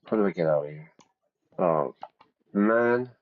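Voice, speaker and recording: A man streaming a detective game, reading the clues aloud and reacting loudly to each twist. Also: sits low, lively intonation, measured pace. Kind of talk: casual gameplay commentary. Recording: slightly dull lo-fi audio.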